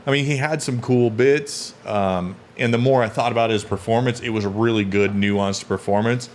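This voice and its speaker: A man co-hosting a casual spoiler review of a movie, laid-back and agreeable, thinking out loud as he talks. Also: lowish voice, normal speed, a little hiss or hum. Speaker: co-host of a movie review show.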